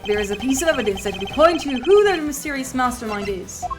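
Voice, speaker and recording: A woman voicing a formal, haughty male prosecutor in measured, declaiming speech, with game music behind. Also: high-pitched, animated. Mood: formal deliberate.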